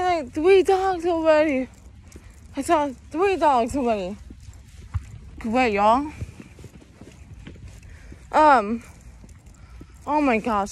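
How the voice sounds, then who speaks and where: Young woman vlogger, high voice, slow rambling delivery, out of breath, phone held up outdoors. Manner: rambling, says "you guys" constantly. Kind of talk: casual vlog chat. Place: outdoors walking around town.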